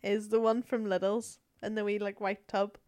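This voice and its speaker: A woman's voice: mid-range voice, level tone, moderate pace, darkish tone. Giggly woman co-host teasing. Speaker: podcast co-host reading questions. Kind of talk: casual unscripted chat.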